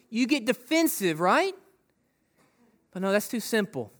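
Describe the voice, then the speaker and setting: A man's voice: very high voice, very animated, moderate pace, long pauses, fairly bright tone. A male pastor preaching a sermon in a conversational way, acting out quotes and asking the congregation rhetorical questions.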